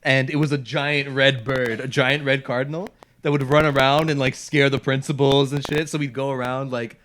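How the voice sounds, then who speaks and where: A man's voice: mid-range voice, level tone, normal speed, fairly bright tone, a little hiss or hum. A man co-hosting a podcast, chatting casually with friends and often laughing as he rambles through a story. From Canada. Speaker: podcast co-host. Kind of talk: casual chat among friends.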